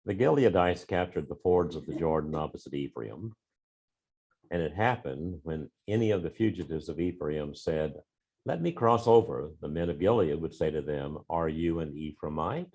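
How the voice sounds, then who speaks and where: A man in a Bible class reading scripture aloud in a steady, measured way. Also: rumbling low, slightly rough. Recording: dull, muffled room recording.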